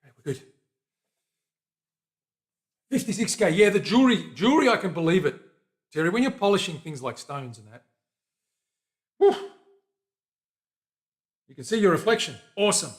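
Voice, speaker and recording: Guy chatting away while he works, kinda high voice, loud one sec then mumbling to himself the next. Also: sing-song, a little fast, pauses often. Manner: chatty and upbeat, talking to viewers and a helper as he works; swings between loud bursts and quiet mumbling to himself. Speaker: guitar builder hosting a livestream. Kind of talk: casual workshop chat while working.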